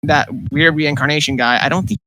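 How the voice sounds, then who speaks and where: A man's voice: on the high side, brisk, pushed and bright, no room sound, rough recording. A man playing in a tabletop game, chatting casually with jokey asides. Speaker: player.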